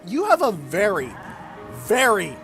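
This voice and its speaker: A man's voice: sits high, wildly swooping pitch, a little slow, fairly bright tone, soft background music. A man giving casual, chatty commentary over his strategy game let's play, swearing now and then. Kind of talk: gameplay commentary.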